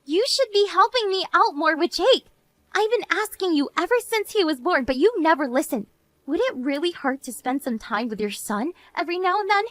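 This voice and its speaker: A woman's voice: extremely high pitch, normal speed, dry recording. A woman playing a tired young mother. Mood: pleading. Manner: earnest, pleading, then flat and resigned. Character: worn-out young mother and wife, pleading. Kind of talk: animated story narration.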